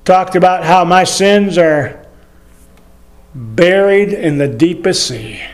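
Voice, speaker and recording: A man's voice: high voice, takes it slowly, reverberant. An older man preaching a sermon, telling folksy stories to the congregation.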